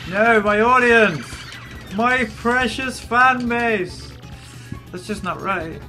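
A man's voice: very high-pitched, slow pace, bright, forceful tone, faint music behind, pitched above the performer's own voice, full character voice. A man doing a sly, mocking dragon boss. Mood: dramatic.

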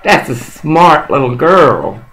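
A man's voice: a little high, very animated, slow pace, fairly bright tone. A middle-aged man on a one-sided phone call, rambling, coaxing and profane. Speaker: caller.

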